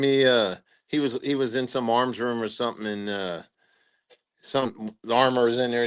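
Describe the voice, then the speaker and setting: Older male, retired officer, casual storyteller, middle pitch, filler-heavy, acts out the quotes. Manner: rambling anecdotes with acted-out quotes and many "uh" fillers. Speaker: retired brigadier general telling war stories.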